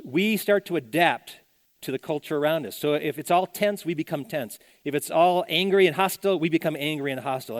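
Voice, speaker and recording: A man's voice: a little high, dry recording. A middle-aged male pastor preaching a sermon in a conversational way, repeating phrases and acting out the voices of the people he quotes. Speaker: senior pastor. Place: church.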